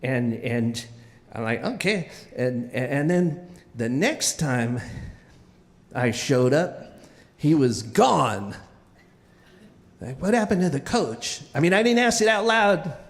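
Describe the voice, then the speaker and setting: A man telling a childhood story live on stage, animated and often restarting with repeated words. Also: medium pitch, takes it slowly, pauses often, big-room sound.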